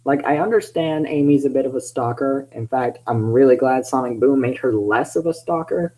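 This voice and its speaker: A man's voice: mid-range voice, moderate pace, warm tone, poor audio. A man hosting his channel, reading fan fiction aloud with chatty, self-interrupting commentary.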